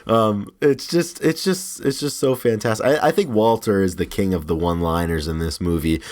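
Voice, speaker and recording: Podcast co-host, male, low voice, relaxed chat that gets animated. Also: normal speed. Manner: animated, quotes movie lines in put-on voices. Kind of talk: casual chat.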